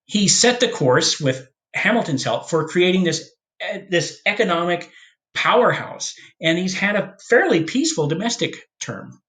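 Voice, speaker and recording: Man telling history in a lively voice. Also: high-pitched. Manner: jokey storyteller, acts out historical figures in quick voices. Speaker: history teacher. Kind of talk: casual history lecture.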